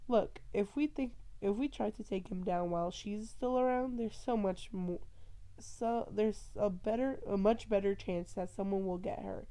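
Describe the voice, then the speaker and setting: A woman's voice: medium pitch, moderate pace, dark tone, lightly acted. A woman reading the lines of a stern, cold young male vampire in a commanding, clipped way. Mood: scheming.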